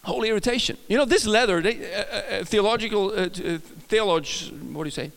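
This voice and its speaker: Swedish guy preaching, pretty high voice, stumbles and restarts a lot, big echoey church hall. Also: fast, creaky, fairly bright tone. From Sweden. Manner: storytelling with frequent restarts and self-laughter. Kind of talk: sermon. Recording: long hall reverb.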